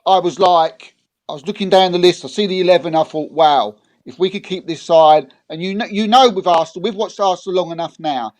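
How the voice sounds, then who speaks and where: A man's voice: high-pitched, a little fast. A man appearing as a guest on a fan show, gushing and rambling, often restarting his sentences. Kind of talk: casual live show chat.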